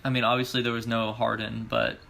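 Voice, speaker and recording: A man's voice: mid-range voice, flat delivery, brisk, creaky, pushed and bright, a little hiss or hum. A young man co-hosting a casual sports podcast, laid-back, laughing easily and rattling off stats. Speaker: podcast co-host.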